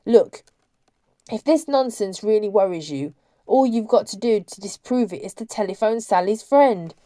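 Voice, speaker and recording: A woman's voice: medium pitch, expressive, moderate pace, mellow, no echo, studio quality, lightly acted. A woman reading aloud, voicing a cool, sceptical man who speaks condescendingly. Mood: dismissive. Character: dismissive, sceptical grown man.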